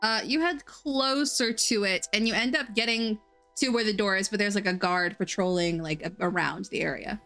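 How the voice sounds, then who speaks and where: A woman's voice: mid-range voice, normal speed, pushed and bright, soft background music. A woman narrating as game master in a tabletop game, casual, with many fillers and laughs.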